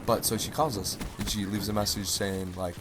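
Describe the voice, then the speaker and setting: A man's voice: on the low side, fairly even intonation, normal speed, background noise. A young man vlogging, telling a personal story in a rambling, exasperated way with lots of filler words. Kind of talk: casual storytelling.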